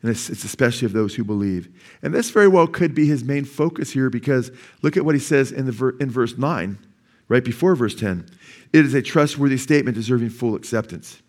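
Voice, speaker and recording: A man's voice: medium pitch, expressive, a little fast, darkish tone. A man of sixty, a pastor, preaching a sermon at a church service. He keeps asking the congregation questions, waits for them to answer, and repeats key phrases for emphasis. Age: 60s.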